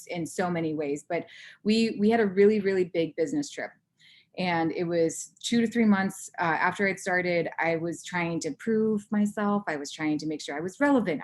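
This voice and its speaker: A woman in her thirties giving a candid personal talk to an audience, acting out her own inner voice in lively bursts. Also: fairly low pitch. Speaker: conference speaker.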